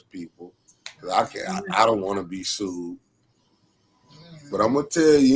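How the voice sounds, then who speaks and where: A man from Michigan co-hosting a casual talk show, giving blunt and fired-up opinions. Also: mid-range voice. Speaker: co-host. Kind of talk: casual chat.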